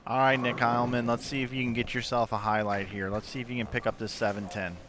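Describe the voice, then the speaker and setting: A man's voice: medium pitch, flat delivery, fast talker, fairly bright tone. A man giving live bowling commentary in a playful, joking manner. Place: bowling center. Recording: crowd noise behind.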